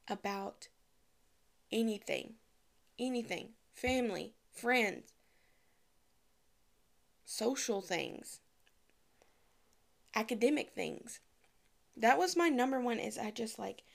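A young woman giving casual, candid advice to the camera, chatty and frank, with lively asides. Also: a little high, gravelly. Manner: chatty, candid, acts out quoted voices.

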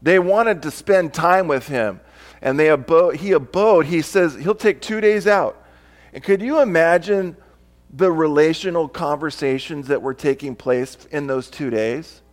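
A man's voice: a little high, lively intonation, normal speed. A male pastor preaching a sermon, reading scripture aloud and explaining it, sometimes acting out different tones of voice.

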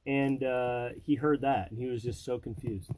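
A man in his thirties, a podcast host and father, telling stories in animated, casual chat, slipping into voices and laughing. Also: medium pitch, moderate pace, slight background noise, low-quality recording.

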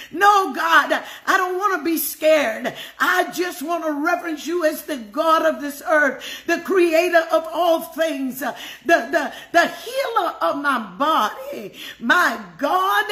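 Fervent high-voiced woman praying aloud. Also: sharp tone, echoey room. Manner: fervent, prays aloud, repeats phrases. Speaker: devotional teacher. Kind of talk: prayerful sermon on scripture.

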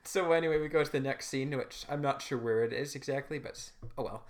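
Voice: mid-range voice, brisk. A podcast co-host recapping an episode in casual chat, laughing and quoting the characters. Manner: chatty, laughing, quotes characters.

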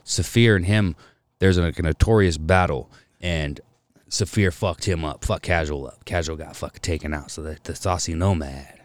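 A man telling stories in casual chat with friends, profane and animated, often quoting people in put-on voices. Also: sits low, moderate pace, no echo.

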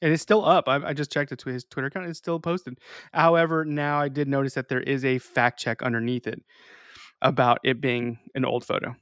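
In a dry, clean studio recording, a young man with a mid-range voice speaks briskly. He's co-hosting a casual podcast chat, laughing frequently as he tells lively stories.

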